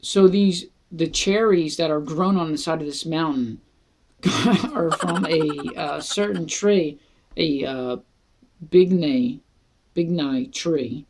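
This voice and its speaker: An unhurried, easygoing voice from Philadelphia walks through a casual wine review. The reviewer chats and jokes along the way, taking plenty of time between thoughts. The pitch sits in a middle range for the speaker. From Philadelphia, USA. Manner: chatty, jokey, self-deprecating, with laughs. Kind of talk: casual product review vlog.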